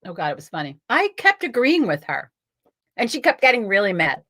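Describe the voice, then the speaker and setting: A woman's voice: mid-range voice, wildly swooping pitch, a little fast, a bit bright. Blunt, profane woman streaming live. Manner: blunt and profane, reads viewer comments aloud. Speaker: host of a live tarot card stream. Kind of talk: casual live-stream chat.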